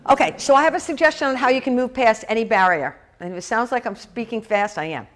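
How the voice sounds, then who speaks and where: A middle-aged woman minister giving a sermon in a lively, chatty way, with asides and quick laughs. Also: a little high. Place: church hall.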